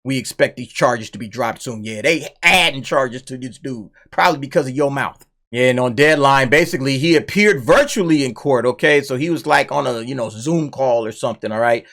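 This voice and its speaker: A man's voice: mid-range voice, fairly quick, fairly bright tone. A man hosting his own commentary channel, reacting bluntly and mockingly to a news story, laughing often and tagging lines with "okay?" and "all right?".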